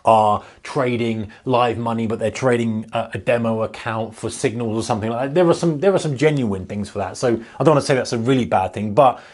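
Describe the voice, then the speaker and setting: A man's voice: mid-range voice, fairly quick, few pauses, darkish tone. A man with a British accent, a trading educator, talking viewers through a topic in a casual, emphatic, direct way. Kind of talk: casual explainer to camera.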